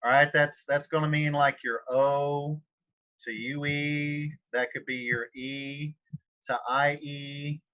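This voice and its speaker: Casual male teacher, throat-clearing, lo-fi audio. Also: a little high, level tone, takes it slowly. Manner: informal, chatty, frequent throat clearing. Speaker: Spanish teacher. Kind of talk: online class lecture.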